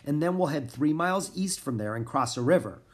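Earnest storybook boy, voiced by a man reading aloud, slightly raised pitch. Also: animated, a little fast, close to an everyday voice. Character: young boy, thoughtful and earnest.

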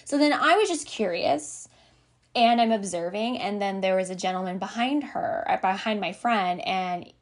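A woman's voice: mid-range voice, normal speed. A woman hosting a podcast, talking casually and rambling with frequent "like"s, light laughs and quoted asides. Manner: chatty, rambling, peppered with "like" and laughs; acts out her own reactions in quoted asides. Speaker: podcast host. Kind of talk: casual conversational monologue.

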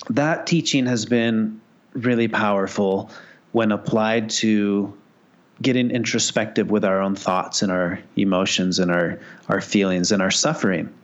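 A man calmly explaining a Buddhist teaching as an interview guest, thoughtful, with frequent restarts. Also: fairly low pitch. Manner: thoughtful, many restarts, storytelling. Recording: dull lo-fi sound.

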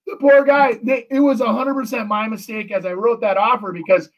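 A middle-aged man, a real estate agent, telling a story in casual chat, animated and full of restarts. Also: sits high, brisk, recorded from a distance, muffled recording. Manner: animated, acts out quotes, many restarts.

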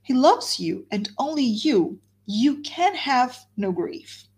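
A woman's voice: sits high, big pitch swings, slow pace, darkish tone, husky, voice pushed up, heavily acted. A woman reading a novel aloud, voicing a heartbroken, wildly despairing young woman who pleads and repeats her words.

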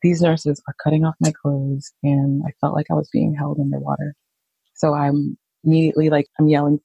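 A woman, a nurse, slowly telling her own story in a halting, reflective way. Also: low voice, flat delivery, vocal fry, warm tone, slightly rough, no echo, low-quality recording. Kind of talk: personal storytelling.

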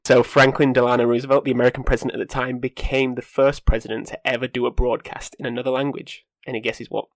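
A man's voice: medium pitch, level tone, fast talker, few pauses, no room sound. A man hosting a casual film podcast, joking wryly and laughing through his lines. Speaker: podcast host presenting news segment.

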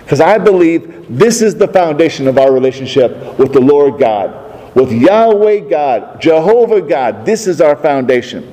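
A fairly high-pitched man preaching a sermon, his voice mellow and warm. He presses his points hard with rhetorical questions to the congregation. Long reverb trails every phrase from the large hall. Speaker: pastor.

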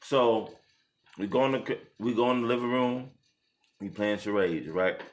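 A young man casually retelling a story with his partner, animated and laughing, jumping into high voices when quoting people. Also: moderate pace. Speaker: co-host telling the proposal story. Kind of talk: casual couple chat.

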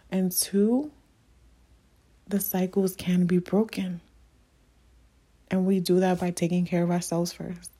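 A woman's voice: on the low side, warm tone, husky. A young adult woman hosting a solo podcast, talking in an earnest, emotional and encouraging way, often repeating her points. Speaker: podcast host. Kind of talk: heartfelt solo podcast monologue.

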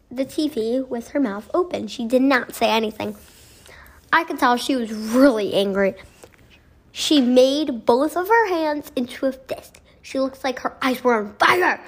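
A woman reading a children's chapter book aloud slowly and carefully, with small stumbles. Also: sits high.

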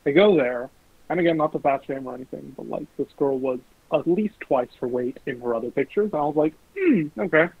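A young man casually telling animated, sweary stories about his dating life. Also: medium pitch, fairly quick, vocal fry, husky. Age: young adult. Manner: animated, swearing, mimics voices in quotes. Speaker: guest. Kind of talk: casual storytelling. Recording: lo-fi phone-like recording.

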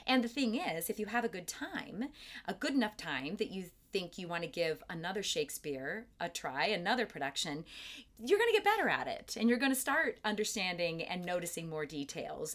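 A woman's voice: medium pitch, a bit bright. A middle-aged woman theatre director in an interview, explaining terms thoughtfully and carefully, with plain enthusiasm for the craft. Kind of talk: interview conversation.

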